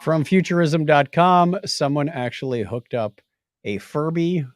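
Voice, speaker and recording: A man's voice: on the high side, a little slow, no echo, clean studio sound. A man co-hosting a podcast, casually recapping tech news and reading quotes out in playful voices. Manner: animated storyteller, reads quotes in playful voices. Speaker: podcast co-host.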